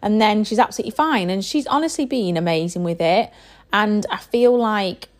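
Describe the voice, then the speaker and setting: A woman's voice: medium pitch, moderate pace. Chatty woman, rambling casually. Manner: chatty, rambling, with frequent fillers. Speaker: parent. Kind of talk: casual chat.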